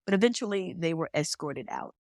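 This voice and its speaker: A woman who is a medium appears as a podcast guest, telling stories in conversation and animatedly acting out the quoted dialogue. Her voice is on the low side and a little fast, in a dry recording with clean studio sound.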